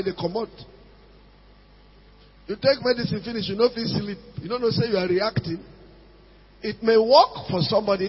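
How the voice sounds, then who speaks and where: A man's voice: high voice, husky. A man preaching a sermon as pastor, emphatic and repetitive, slipping into pidgin phrases. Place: church hall. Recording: dull sound with long hall reverb.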